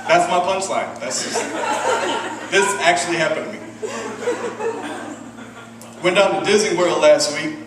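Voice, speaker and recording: Profane deadpan stand-up man, distant club. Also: fairly high pitch, unhurried, pauses often, heavy background noise. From Michigan. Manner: deadpan, profane, self-deprecating asides. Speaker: stand-up comedian. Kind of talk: stand-up comedy set. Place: comedy club stage with audience. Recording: roomy distant club recording, loud ambience.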